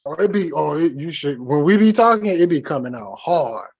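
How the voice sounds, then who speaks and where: Man, podcast host, husky voice, high-ish pitch, teasing, animated, Southern slang. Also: moderate pace. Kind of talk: casual podcast chat.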